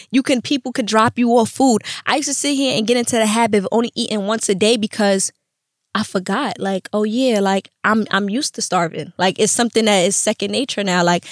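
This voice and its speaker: A young woman telling her story as a podcast guest, animated and profane, acting out quotes in street slang. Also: mid-range voice, no echo, studio quality. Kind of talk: candid storytelling interview.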